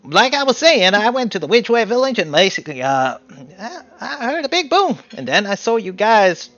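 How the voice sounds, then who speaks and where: A man's voice: sits high, sing-song, normal speed, a bit bright, lo-fi sound, voice pushed up, heavily acted. A man voicing a small, flustered male gnome farmer who stammers and chuckles nervously. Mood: rambling.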